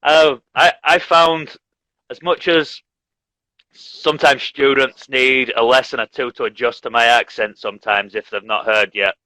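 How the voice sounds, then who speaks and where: A man chats easily on a live stream. His voice sounds bright and forceful, and the sound is close and dry, as on a video call. He explains things in a relaxed, teacherly way. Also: medium pitch, unhurried, dry recording, low-quality recording. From Leeds, England. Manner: relaxed, chatty, laughs often. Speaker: English teacher, host. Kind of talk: casual live-stream chat.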